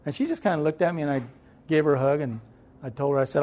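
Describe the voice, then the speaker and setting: A man telling a personal story as a guest, animated and conversational, acting out the voices in it. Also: a little high, quick pace. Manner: conversational, with repeated fillers and restarts.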